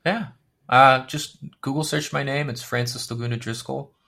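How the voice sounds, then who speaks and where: A man appearing as a podcast guest who speaks in a hesitant, halting way, with many pauses and ums. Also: medium pitch, steady tone, creaky, pushed and bright. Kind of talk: casual interview.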